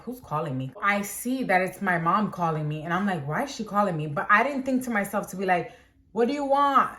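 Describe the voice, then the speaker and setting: A young woman talks to her camera in a casual storytime vlog. Her voice sits at an ordinary middle pitch. She tells it with animation and leaps higher when she acts out quoted lines. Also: a bit bright. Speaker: storytime vlogger.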